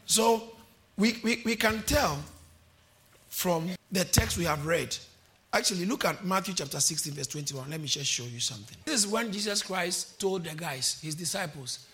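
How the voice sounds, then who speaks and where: A male pastor preaching a sermon, impassioned and often shouting, with call-and-response to the church. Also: high voice, expressive, normal speed. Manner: quotes verses then explains them.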